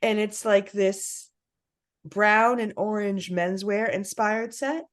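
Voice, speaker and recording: A middle-aged woman co-hosting a podcast in casual chat, candid and animated, swearing freely. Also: mid-range voice, slow. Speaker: podcast co-host.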